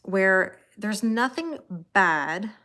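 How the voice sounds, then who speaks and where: A woman's voice: medium pitch, animated, extremely slow, bright, forceful tone. A woman from Canada with a Canadian accent, hosting a live tarot stream in casual chat, reading out viewer comments and talking straight to her viewers in a chatty, reassuring way. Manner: chatty and reassuring, talks straight to viewers with frequent "you know?". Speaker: tarot reader hosting a livestream.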